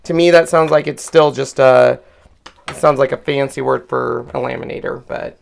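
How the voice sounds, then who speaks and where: A woman's voice: very deep voice, fairly even intonation, moderate pace, creaky. A woman hosting a craft demonstration, chatting casually and laughing at herself while she works. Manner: chatty, self-deprecating, laughs often. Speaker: craft channel host. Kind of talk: casual craft demo chat.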